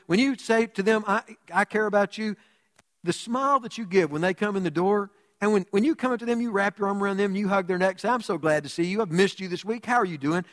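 High-voiced preacher in a reverberant hall. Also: male voice. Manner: animated storytelling, swinging from loud to hushed. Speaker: pastor. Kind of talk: sermon. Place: church sanctuary.

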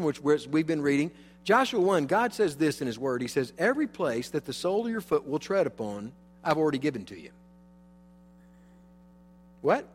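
High-voiced preaching man in a hall. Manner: emphatic preaching, swings from loud to hushed. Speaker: pastor. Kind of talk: sermon. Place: church sanctuary.

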